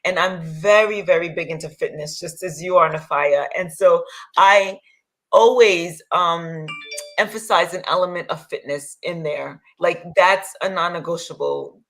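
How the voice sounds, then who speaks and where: A woman from New York, a health and nutrition coach, talking as a guest with casual, energetic enthusiasm. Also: on the low side, measured pace. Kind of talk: conversational interview.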